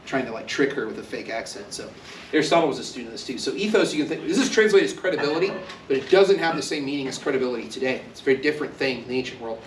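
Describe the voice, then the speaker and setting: A man's voice: medium pitch, animated, rapid-fire, slight background noise. A man from Texas giving a conversational university lecture, joking and acting out quoted voices. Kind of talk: classroom lecture. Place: university classroom. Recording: echoey classroom, speaker far from mic.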